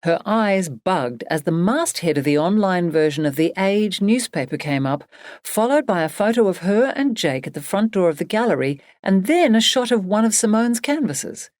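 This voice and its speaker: A woman narrating an audiobook in a measured, expressive reading. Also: mid-range voice, no room sound, studio quality. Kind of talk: scripted narration.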